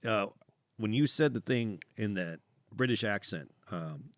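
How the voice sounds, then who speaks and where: A man co-hosting a podcast, his voice mid-pitched and plainly conversational. The sound is dry and close, with no room around it. He talks earnestly and reflects out loud. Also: normal speed, dry recording. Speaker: podcast co-host. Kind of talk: casual chat.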